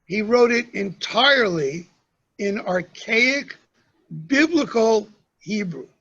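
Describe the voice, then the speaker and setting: A man lecturing to a congregation, speaking slowly and pausing often, with "um"s between his points. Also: sits high, animated, a bit bright, highs cut off. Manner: slow, measured delivery with pauses and fillers. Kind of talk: talk to a congregation.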